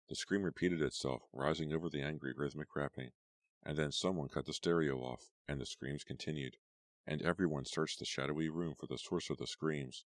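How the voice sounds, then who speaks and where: A man narrating a horror audiobook in a measured, suspenseful reading. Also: extremely low pitch, dry recording, studio quality. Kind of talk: scripted narration.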